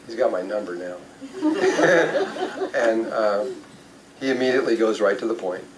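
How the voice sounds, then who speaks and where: An older man spins a loose, anecdotal story for a listening crowd, his voice sitting a little low. He wanders through asides and fillers and catches himself mid-sentence. A faint hiss runs under the recording. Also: big pitch swings, unhurried. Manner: rambling anecdotal, with fillers and self-corrections. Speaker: spiritual speaker. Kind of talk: storytelling talk to an audience.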